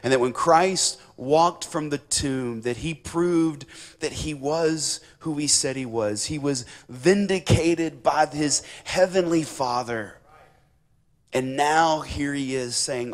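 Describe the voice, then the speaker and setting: Man preaching in church, somewhat high voice, emphatic and repetitive, rising fervor. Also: slow. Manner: emphatic, repeats key words, rises in fervor. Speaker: guest preacher, missionary. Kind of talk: sermon. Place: church sanctuary.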